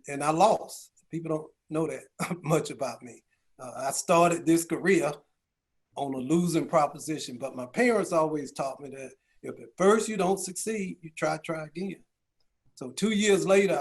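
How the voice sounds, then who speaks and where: Telling stories at a business round table, a middle-aged county chief executive from Georgia leans on rhetorical questions and folksy remarks. His voice is a little high.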